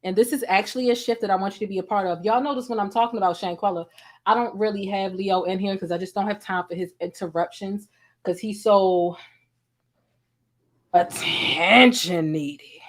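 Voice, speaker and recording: A woman's voice: medium pitch, fairly even intonation, fast talker, darkish tone. A woman from Baltimore with a Baltimore accent, chatting casually to camera as a vlogger and talking to her cat now and then. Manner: chatty, talks to her cat between remarks. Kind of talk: casual commentary vlog.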